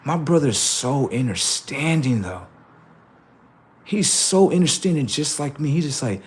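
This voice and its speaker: Animated man telling stories with profanity. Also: medium pitch, unhurried, breathy edge. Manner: animated, acts out both sides of conversations, profane. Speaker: livestream host. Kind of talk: casual storytelling monologue.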